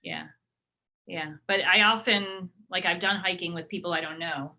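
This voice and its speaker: A woman improv performer in casual chat, talking in quick, self-interrupting bursts. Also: lowish voice, bright, forceful tone. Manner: chatty, laughing, self-interrupting.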